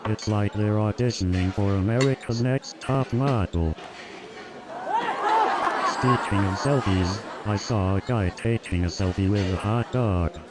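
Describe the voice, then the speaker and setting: A synthetic male voice delivering a stand-up comedy routine in a steady joke-telling cadence with stock setups. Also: fairly low pitch, unhurried. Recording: loud music and laugh track behind. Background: loud music and audience laughter.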